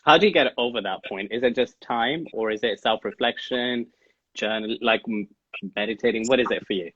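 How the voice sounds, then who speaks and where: A man's voice: mid-range voice, a little fast, a bit bright, dry recording. A man hosting a casual interview, who asks loose, rambling questions and laughs along with his guest. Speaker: podcast host. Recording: dull lo-fi sound.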